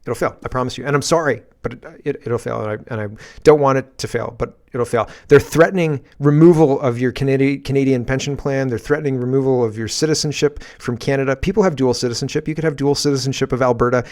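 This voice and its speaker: A man's voice: mid-range voice, fast, few pauses, darkish tone. Male commentary host, unscripted rant from his garage, defiant and punchy, with frequent profanity.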